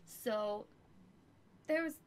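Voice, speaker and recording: A woman's voice: a little high, drawn-out words. A young woman streamer chatting casually while answering viewer questions, full of fillers and laughter. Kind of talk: casual chat.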